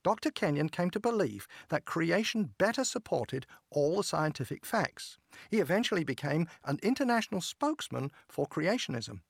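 A man giving a scripted radio devotional narration in a measured, earnest manner. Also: on the high side, sing-song, gravelly, breathy edge, dry recording, studio quality.

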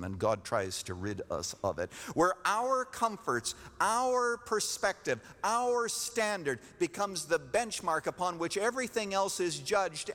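A man preaching a sermon as pastor, emphatic, repeating his key phrases and rising in pitch to stress a point. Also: fairly bright tone. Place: church sanctuary. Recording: long reverb of a church hall.

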